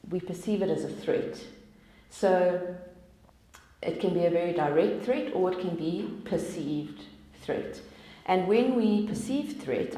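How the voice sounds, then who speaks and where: A woman's voice: lowish voice, warm tone. Chatty woman speaker in an echoey room. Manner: chatty, acts out quoted voices, laughs at herself. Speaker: speaker at a wellness event. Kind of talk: informal talk to an audience. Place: event room. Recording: roomy echo.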